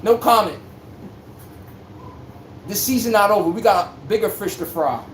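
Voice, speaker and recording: A man's voice: high-pitched, animated, brisk. Brash joking man in an echoey room. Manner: brash, joking, slang-heavy, bursts of hype. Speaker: sports livestream host. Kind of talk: casual livestream sports talk to chat. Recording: roomy echo with faint background hum.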